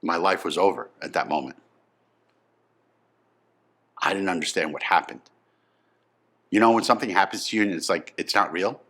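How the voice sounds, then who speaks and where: 50s guy telling his own story, lowish voice with a bright forceful edge, gets really emphatic. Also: moderate pace, long pauses. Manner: emphatic, swings from subdued to excited. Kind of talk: personal storytelling.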